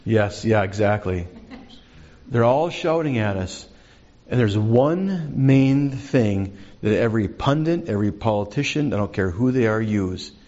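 A man's voice: on the low side, lively intonation, measured pace, darkish tone, highs cut off. A man preaching a sermon as pastor, conversational, asking the congregation questions.

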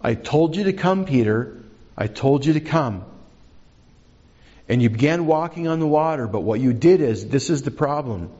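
A man voicing a gentle reassuring teacher. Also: medium pitch, animated, moderate pace, muffled recording, voice pushed up, lightly acted.

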